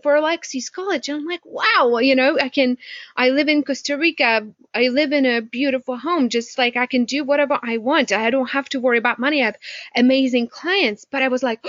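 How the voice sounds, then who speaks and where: A woman coach talks through a video call, her voice sitting a little high. She tells her story animatedly and keeps asking rhetorical questions. The sound is dry and dull, like a muffled video-call line. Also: a bit bright, dry recording. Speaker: business coach. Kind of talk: casual talk on a video call. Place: home porch.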